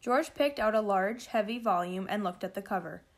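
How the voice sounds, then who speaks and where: A woman's voice: mid-range voice, normal speed. Woman reading a storybook aloud. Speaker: reader.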